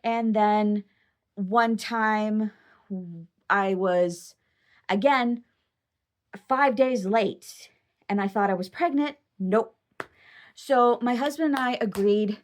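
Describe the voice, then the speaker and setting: A young adult woman vlogger telling a personal story in a chatty, excitable, rambling way. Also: fairly high pitch. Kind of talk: casual personal storytelling to camera.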